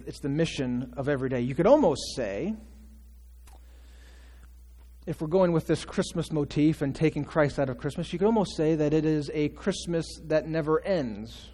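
This pastor's voice is mellow and a little high, moving fairly quickly as he preaches conversationally, questioning the congregation and performing quotes. Long church reverb fills the sanctuary recording.

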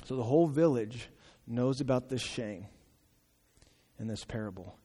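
Animated male preacher in an echoing hall. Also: medium pitch, normal speed, slightly rough. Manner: animated, exclaiming, acts out voices. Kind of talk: sermon. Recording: long reverb of a large hall.

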